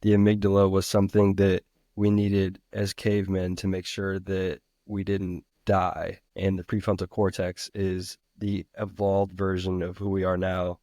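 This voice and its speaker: Low, even-toned male podcast host. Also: normal speed, no echo, clean studio sound. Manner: careful, restates the guest's points to check understanding. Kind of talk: interview conversation.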